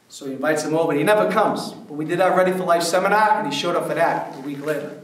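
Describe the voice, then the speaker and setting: Speaking quickly in a fairly high voice, a man from prison ministry shares stories with a church men's group, rambling casually and saying "like" constantly among other fillers. The hall is very echoey, the mic sits far off, and a little background noise comes through.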